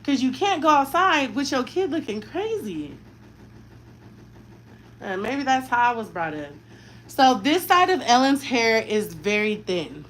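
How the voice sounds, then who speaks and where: A woman's voice: on the high side, big pitch swings, measured pace, fairly bright tone, a little hiss or hum, low-quality recording. A woman in her thirties, a mother chatting frankly in a slangy, talkative way while she does her daughter's hair. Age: 30s. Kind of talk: casual chat while styling hair.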